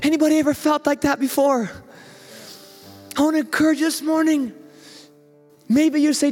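A man's voice: extremely high pitch, steady tone, moderate pace, long pauses, a little mellow, long reverb tail, faint music behind. A man who is a youth pastor, preaching a conversational sermon and acting out the prayers and voices he quotes.

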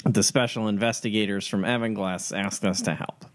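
A man's voice: lowish voice, steady tone, moderate pace. A man, a player in a tabletop game role-play, speaking in a wry, blunt way.

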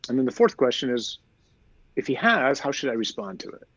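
A man who is a priest, explaining his faith in a lively conversational way, full of rhetorical questions. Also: mid-range voice, a little fast, dry recording, lo-fi sound. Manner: animated storyteller, rhetorical questions. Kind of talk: conversational teaching.

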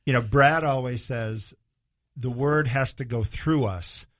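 A man with an average-pitched voice hosts a casual faith conversation, affirming his guest as he goes. He talks with frequent fillers. The recording is dry. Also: measured pace, fairly bright tone, dry recording.

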